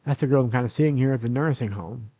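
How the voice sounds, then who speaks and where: Here the older man talks fast in a mid-range, dark, breathy voice, recording himself on camera in his nursing home room. He rambles through a long story of his life, backtracking to fix details and dropping in plenty of "uh"s. The audio sounds muffled and has no room sound.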